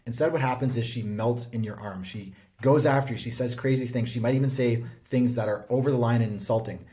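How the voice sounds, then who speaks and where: A man's voice: medium pitch, a little fast, warm tone. A man speaking as a relationship coach, giving earnest, emphatic advice straight to camera. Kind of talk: direct-to-camera advice talk.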